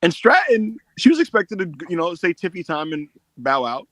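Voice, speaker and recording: A man hosting a casual podcast chat, telling animated stories and acting out the quotes. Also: sits high, moderate pace, no echo. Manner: animated storyteller, acts out quotes. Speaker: podcast host.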